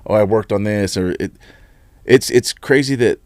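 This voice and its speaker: Low-voiced guy from nevada, middle-aged, chatting candid and blunt, dry mic. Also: moderate pace, dry recording. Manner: candid and animated, blunt words, repeats himself. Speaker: union leader, podcast guest. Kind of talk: casual interview chat.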